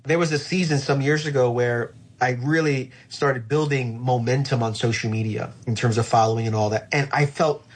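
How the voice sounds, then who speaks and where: A man who is a pastor, talking earnestly about faith in a conversation and slowing down to stress his points. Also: mid-range voice, fairly even intonation, breathy edge.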